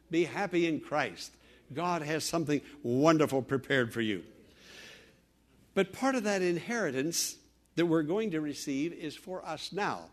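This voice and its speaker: A man's voice: on the high side, animated, a little slow. Earnest storytelling male preacher. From Western Pennsylvania. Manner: earnest storytelling preacher, swings between loud exhortation and hushed tones. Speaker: pastor. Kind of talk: radio sermon.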